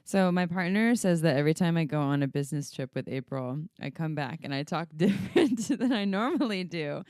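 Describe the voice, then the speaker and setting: A woman in casual podcast talk who speaks frankly and playfully. Her voice sits a little low. The sound is dry and close. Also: lively intonation, fairly quick, darkish tone, smooth, dry recording. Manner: frank, playful, laughs often. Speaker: podcast co-host, sex educator.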